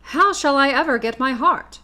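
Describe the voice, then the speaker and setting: A woman reading a storybook aloud voices a male man of tin who wants a heart, speaking loud and indignant. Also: high-pitched, animated, normal speed, voice pushed up.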